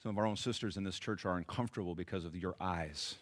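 A male pastor preaching an emphatic, deliberate sermon. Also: deep voice.

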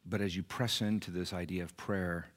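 A pastor delivers his sermon in a church with a somewhat low male voice. He speaks earnestly and personally, pushing some phrases out with force and dropping others to a near-whisper. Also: fairly even intonation, moderate pace. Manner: earnest, shifts from raised emphasis to hushed near-whispers. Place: church sanctuary.

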